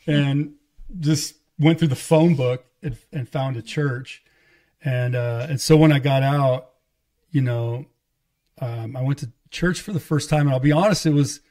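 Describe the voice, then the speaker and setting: A man's voice: fairly high pitch, measured pace, a little mellow. A middle-aged man sharing his life story in a loose, conversational way, often acting out what people said to him. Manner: loose, conversational, quotes others in dialogue. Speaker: podcast guest, evangelist. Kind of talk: casual testimony storytelling.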